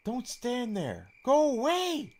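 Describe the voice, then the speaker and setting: A man voicing a shy young woman in a fantasy game, soft and bashful, sometimes shrill. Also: wildly swooping pitch, takes it slowly, exaggerated voice.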